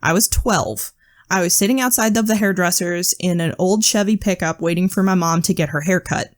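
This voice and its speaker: A woman's voice: fairly low pitch, fairly quick. A woman co-hosting a podcast, telling creepy stories in a casual way, with frequent swearing and nervous laughs. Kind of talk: casual storytelling chat.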